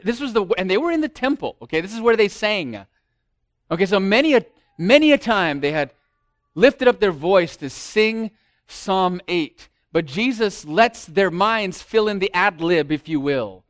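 Pastor, male, high register, dramatic delivery, dry close sound. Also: very animated, normal speed, no room sound. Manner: dramatic preaching, acts out quoted voices. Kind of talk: sermon.

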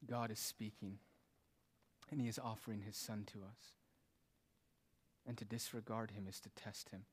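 A man's voice: on the low side, flat delivery, moderate pace, pauses often, breathy edge. A man preaching a sermon, asking rhetorical questions and dropping in casual asides as he explains the text. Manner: emphatic, rhetorical questions, shifts between loud and hushed delivery.

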